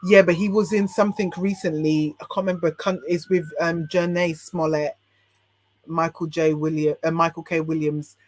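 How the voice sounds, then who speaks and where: A British woman, a life coach, chats casually as a podcast guest in a low, steady voice with a darkish tone and moderate pace. She's frank and opinionated, often breaking off mid-phrase to start over.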